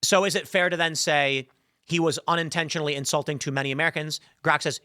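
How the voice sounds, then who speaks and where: A man's voice: a little high, fairly even intonation, quick pace, pushed and bright, dry recording, studio quality. A man hosting a podcast, telling an exasperated, sarcastic story and acting out both sides of his chats. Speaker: podcast host. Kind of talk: animated opinionated monologue.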